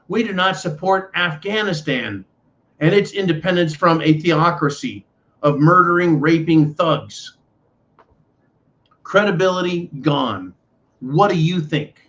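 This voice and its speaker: A man from the United States delivers a ranting commentary monologue, indignant and sarcastic, and keeps calling his listeners folks. His voice sits a little high for a man. The recording sounds dull and lo-fi. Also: lively intonation, unhurried, a bit bright. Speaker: political commentary host. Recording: dull lo-fi audio.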